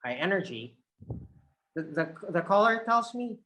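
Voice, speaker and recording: Man, call center trainer, video call, expressive tone that rises and falls. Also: high-pitched, a little slow, slight background noise, low-quality recording. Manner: expressive, shifts energy up and down to demonstrate tone. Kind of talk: online training session.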